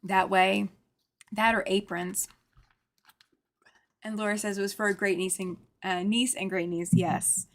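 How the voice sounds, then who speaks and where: A woman hosts a live show-and-tell stream, speaking in a steady mid-range voice at a measured pace with long pauses and no room sound. She gushes over viewers' sewing and embroidery, exclaiming often and reading out their comments.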